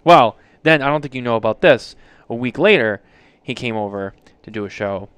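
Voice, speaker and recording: Teasing male podcast host, smooth voice. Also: mid-range voice, animated, moderate pace, fairly bright tone, no room sound. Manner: joking, teasing, profane. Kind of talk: casual chat. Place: podcast studio lounge.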